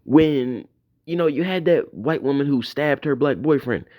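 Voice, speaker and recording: A man's voice: medium pitch, normal speed, highs cut off. A man delivering a profane, mocking tirade in a commentary video. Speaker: YouTube commentator.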